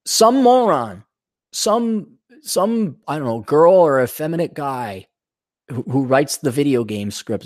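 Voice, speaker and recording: A podcast host delivers a casual ranting monologue, sarcastic, animated and indignant, swearing and often mocking characters in put-on voices. His mid-range voice is a little slow, on a dry recording with clean studio sound.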